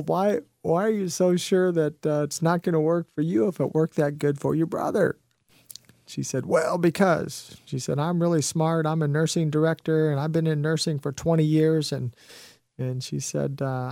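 A man's voice: on the high side, creaky, dark tone, dry recording, clean studio sound. A man hosting a talk radio show, telling client stories in a folksy, salesy way, full of repeats and "you know"s. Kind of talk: talk radio monologue with testimonials.

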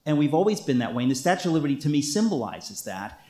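Man, author answering a question, impassioned and emphatic, fairly high voice, echoey room. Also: very animated, fast, warm tone. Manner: impassioned, emphatic, with frequent restarts. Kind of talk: talk with audience Q&A.

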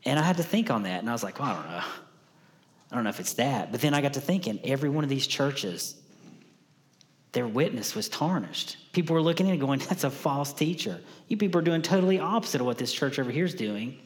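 A man's voice: mid-range voice, animated, quick pace, big-room sound. A man preaching a conversational sermon to a congregation, often repeating key lines for emphasis. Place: church sanctuary.

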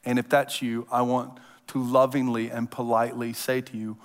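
A man preaching a sermon in a casual, animated storytelling manner, acting out voices as he tells the story. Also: mid-range voice, moderate pace. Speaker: pastor. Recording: long hall reverb.

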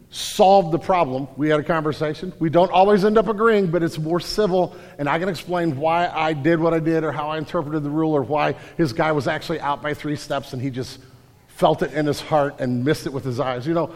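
A man preaching a sermon in a lively, animated way, acting out quotes loudly. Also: a little high, fairly quick. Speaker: pastor. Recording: hall reverb.

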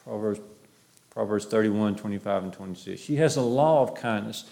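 A man's voice: fairly low pitch, moderate pace, gravelly, warm tone. A man preaching a sermon, quoting scripture and repeating phrases for emphasis.

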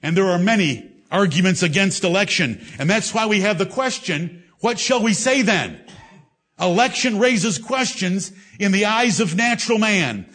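A man preaching a sermon to a congregation, reading scripture with emphatic, drawn-out delivery. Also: high voice, a bit bright. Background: congregation responses.

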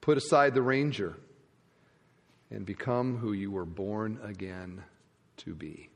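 A male pastor preaching a sermon, his voice rising loud and then dropping to hushed endings. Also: fairly low pitch, slow pace, creaky. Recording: church hall reverb.

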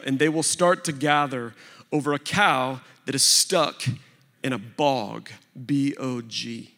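A fairly high-pitched man with a drawl preaches to a big congregation, telling a story with animated swings between booming and hushed. His voice rings out with a long hall reverb behind it. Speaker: speaker at a church recovery gathering. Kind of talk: sermon storytelling. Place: large church hall before a big crowd.

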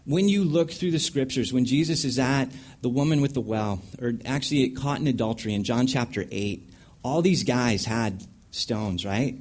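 A man leading a panel talk on counseling, teaching from scripture in a lively way and acting out scenes with sound effects. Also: medium pitch, moderate pace.

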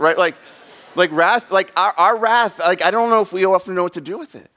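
A man's voice: high-pitched, a little fast, bright, forceful tone. A man in his thirties preaching a sermon in a casual, rambling way, full of fillers and asides. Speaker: pastor.

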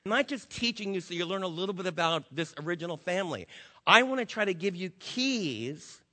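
Pastor, male, high bright voice, emphatic sermon delivery, long hall reverb. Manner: emphatic preaching with rhetorical questions and repetition.

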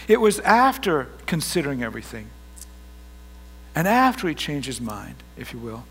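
A man's voice: on the high side, very animated, moderate pace, a bit bright, slight background noise. A middle-aged man preaching a sermon as pastor, earnest and rising to emphatic bursts.

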